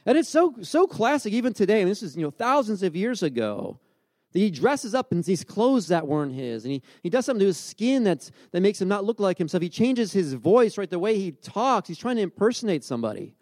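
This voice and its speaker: A man's voice: high-pitched, very animated, fairly quick, darkish tone, dry recording, clean studio sound. A man in his forties giving a sermon in a casual, storytelling way, often restarting his sentences. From grew up by the beach. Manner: conversational, storytelling with many restarts. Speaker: pastor.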